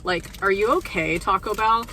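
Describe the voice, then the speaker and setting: A woman's voice: medium pitch, normal speed, bright, forceful tone, a little hiss or hum, poor audio. A young woman talking casually to camera in a vlog, full of "like" and "you know". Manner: chatty, peppered with "like" and "you know". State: out of breath after walking uphill. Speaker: vlogger.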